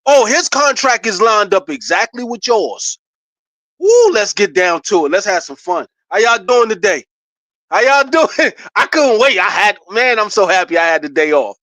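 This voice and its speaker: A man gives excited, casual basketball commentary straight to his viewers. He is animated and hyped, and breaks into laughs and shouts. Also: very high voice, unhurried, no room sound. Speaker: sports commentator vlogger.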